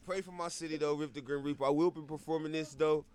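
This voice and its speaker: A young man talking casually as a guest artist, relaxed and full of fillers. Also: a little high, quick pace, clear, resonant tone. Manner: relaxed, filler-heavy street talk. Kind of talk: casual chat.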